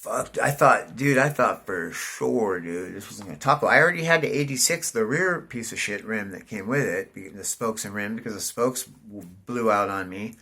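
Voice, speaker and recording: A middle-aged man telling a rambling, profane story, saying "dude" constantly and jumping up loud when excited. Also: on the low side, moderate pace, few pauses, breathy edge. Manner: animated, voice jumps up in excitement. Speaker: vlogger. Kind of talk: casual storytelling monologue.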